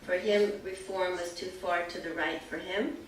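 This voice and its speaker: Older American woman, calm explainer, lower voice, distant in a very echoey hall. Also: moderate pace, very noisy. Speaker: speaker. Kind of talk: storytelling talk. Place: synagogue hall.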